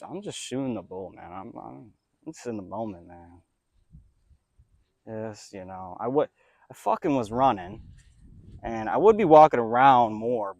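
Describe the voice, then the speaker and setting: A young man in a casual, rambling spiritual monologue outdoors, swearing freely and swinging between loud bursts and mumbled asides. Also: lowish voice, no echo, clean studio sound. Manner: profane, excitable, drifts between loud rants and mumbles. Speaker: spiritual vlogger.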